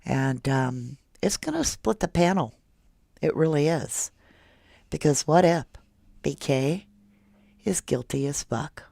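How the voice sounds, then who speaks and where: A woman hosts a live true crime stream and chats emotionally with her viewers. Her voice is low and gravelly, and she speaks slowly. The sound is dry and close. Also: lively intonation, mellow, no room sound. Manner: emotional, chatty, reads viewer comments aloud. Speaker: true crime livestream host. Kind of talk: casual livestream chat with viewers.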